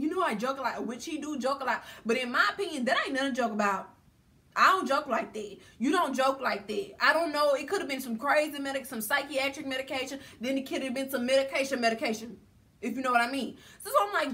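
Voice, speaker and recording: A woman's voice: high-pitched, fairly quick, sharp tone. A woman vlogger telling a storytime in casual, slangy chat and talking straight to her viewers. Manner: chatty and slangy, addresses viewers directly.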